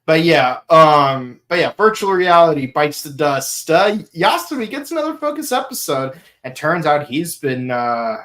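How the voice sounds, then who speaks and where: A man's voice: a little high, animated, a little slow, few pauses, a bit bright. A man hosting a podcast in casual chat, rambling, laughing often and slipping into silly voices. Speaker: podcast host.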